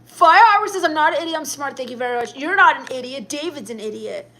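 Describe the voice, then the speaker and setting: Young woman, high voice, sassy livestream chat reading, quick snappy comebacks. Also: animated, bright, forceful tone. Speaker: live streamer.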